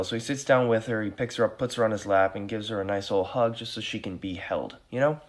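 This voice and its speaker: A man telling a joke in an animated storytelling way. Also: mid-range voice, fast talker, hardly any pauses.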